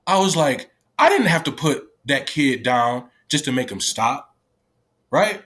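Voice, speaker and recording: A man giving a candid personal account of his time as a youth detention worker, halting and restarting often and swearing freely. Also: medium pitch, lively intonation, fairly bright tone. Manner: profane, halting speech with many restarts.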